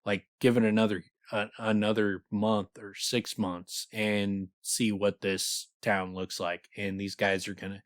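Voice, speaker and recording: A man's voice: fairly low pitch, no echo, clean studio sound. A man co-hosting a podcast, chatting casually about a book, rambling and swearing freely and reading passages aloud. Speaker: podcast co-host.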